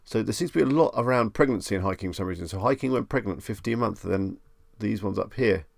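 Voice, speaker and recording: Male streamer, low and gravelly, dry close mic, casual chat host who reads out questions and riffs on them. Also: fast, no room sound. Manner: chatty, reads questions aloud and muses on them.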